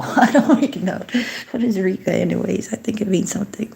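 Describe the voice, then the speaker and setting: A woman hosting a casual livestream, chatting to viewers, giving blessings and greetings, and often dropping into soft whispered asides. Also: mid-range voice, a little fast, vocal fry. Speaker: livestream host.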